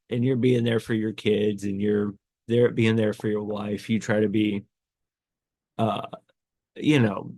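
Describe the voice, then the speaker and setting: A man's voice: on the low side, level tone, measured pace, long pauses, a little mellow, dry recording. A man hosting a podcast, telling a personal story in a rambling way with many fillers and restarts, tearful and choked up. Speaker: podcast host.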